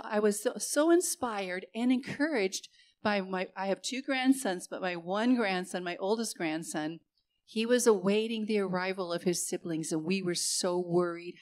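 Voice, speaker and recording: Older female pastor preaching warmly, stressing lines by repeating them. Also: medium pitch. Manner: warm, repeats phrases for emphasis. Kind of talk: sermon.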